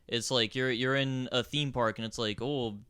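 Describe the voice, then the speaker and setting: A man's voice: medium pitch, steady tone, moderate pace, pushed and bright, clean tone, no echo. A young man co-hosting a gaming podcast, rambling and laughing as he swears his way through a story. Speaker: podcast co-host. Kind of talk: casual gaming podcast chat.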